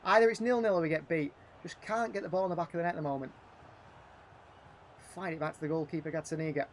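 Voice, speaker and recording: Male stream host, high-pitched, running live play-by-play with animated, frustrated asides. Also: fast talker, slight background noise. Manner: animated, frustrated, thinking aloud between match calls. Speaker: gaming livestream host. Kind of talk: live play-by-play commentary on a football management game.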